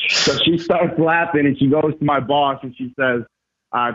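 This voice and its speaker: A man telling stories as a podcast guest, animated and emphatic, with slangy casual talk. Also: medium pitch, fast talker. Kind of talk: casual storytelling. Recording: tinny phone-like remote line.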